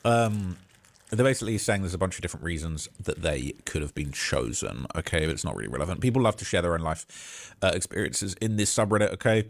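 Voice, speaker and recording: A man's voice: deep voice, lively intonation, fast, gravelly. A man hosting a live stream, giving commentary in an indignant, sarcastic rant.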